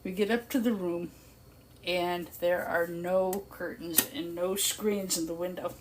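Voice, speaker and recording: This older live-stream host speaks a little slowly in a lowish voice, telling a long, easygoing story as she works. Laughter comes often, and her quotes of other people are lively. Background noise and clicks sit under a clear recording.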